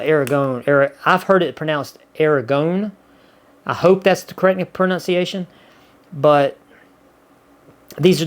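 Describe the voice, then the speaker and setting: A man with a drawl talks casually to his viewers. His voice sits a little high for a man. He rambles in a folksy way, full of restarts and "you know.". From Gulf Coast of the US. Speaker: vlogger. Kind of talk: casual chat to camera.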